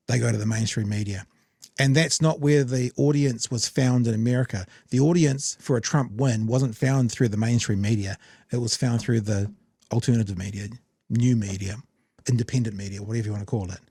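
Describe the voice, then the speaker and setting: A man's voice: medium pitch, mellow, breathy edge, no echo. A man with a New Zealand accent hosting a podcast, rambling in casual commentary with frequent restarts. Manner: rambling, conversational, many restarts. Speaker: podcast host.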